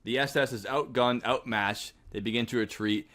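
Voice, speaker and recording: A young man co-hosting a podcast, telling a war story in a casual, animated way with plenty of swearing. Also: medium pitch, normal speed. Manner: animated, profane storytelling with shouted put-on quotes. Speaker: podcast co-host.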